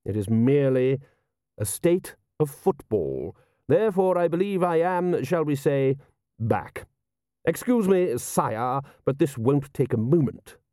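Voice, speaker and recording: A man reading an audiobook, voicing a cool, urbane male ruler who speaks in a smooth, precise and quietly ironic way. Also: mid-range voice, lively intonation, unhurried, no echo, studio quality, voice pushed up, close to an everyday voice. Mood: dry.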